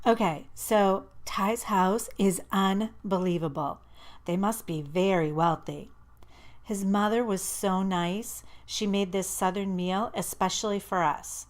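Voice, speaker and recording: A woman reading an audiobook, voicing an eager, chatty teenage girl who talks with excited, rising emphasis. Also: mid-range voice, slow pace, natural voice.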